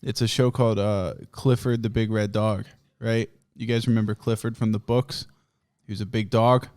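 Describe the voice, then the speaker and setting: A man's voice: lowish voice, level tone, normal speed, a little mellow, smooth. A man hosting a podcast, telling rambling, profane comic stories and laughing often. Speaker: podcast host. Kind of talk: casual comedic storytelling.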